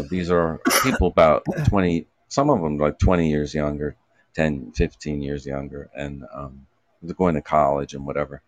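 A middle-aged man tells a rambling story in easy podcast chat. His voice sits very low, and the sound is dry and close. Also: no room sound. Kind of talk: casual chat.

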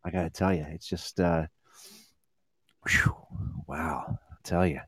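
A man's voice: extremely low pitch, measured pace, a bit bright, husky, dry recording, rough recording. Male podcast host, rambly and chatty, dry studio sound. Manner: rambling, restarts a lot, laughs easily. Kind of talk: casual live podcast chat. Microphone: handheld mic.

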